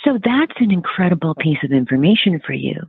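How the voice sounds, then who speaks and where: Her voice is low and gravelly, slightly rough, swinging widely in pitch at a quick pace, with no echo. The forties-aged relationship expert gives a frank, blunt, philosophical take as a casual interview guest, heard through a dry, tinny phone-like line.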